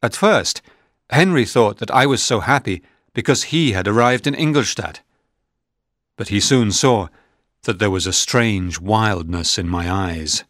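A man reading a storybook aloud in a measured, plain narrating manner. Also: lowish voice, expressive, a bit bright, no room sound, studio quality.

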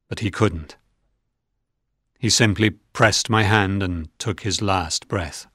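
A man narrating a storybook in a measured, even reading. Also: low voice, dry recording, clean studio sound.

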